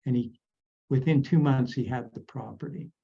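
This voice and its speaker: A man from Idaho giving measured, explanatory coaching advice as a guest on a video call. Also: medium pitch, creaky, dark tone, lo-fi sound. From Idaho, USA.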